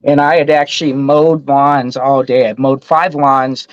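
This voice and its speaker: A man in his fifties, a comic store owner guest, telling a story in an animated, excited way over a call. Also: medium pitch, moderate pace, dry recording, lo-fi sound. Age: 50s. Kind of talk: casual storytelling.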